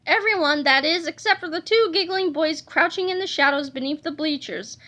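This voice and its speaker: A woman reading a children's storybook aloud in a lively, playful way, adding sound effects. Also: high-pitched, brisk, a little hiss or hum. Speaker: reader of a children's book.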